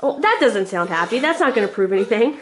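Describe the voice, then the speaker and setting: A woman's voice: mid-range voice, big pitch swings, quick pace, crowd noise. A young woman from Oklahoma chatting casually to the camera at home, full of fillers, with a cold and a hacking cough. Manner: chatty, filler-heavy storytelling. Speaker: family vlogger. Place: family home, indoors.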